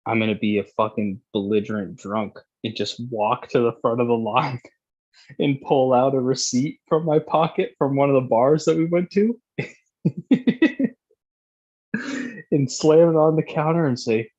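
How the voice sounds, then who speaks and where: A man's voice: mid-range voice, a little slow, a little mellow, husky, dull audio. A young man casually telling a long, profane, rambling story as a podcast host.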